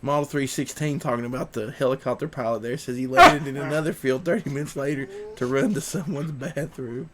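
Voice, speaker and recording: A man's voice: mid-range voice, a little fast, few pauses, very noisy. A man, hosting a livestream podcast in a casual, rambling way, reading viewer comments aloud.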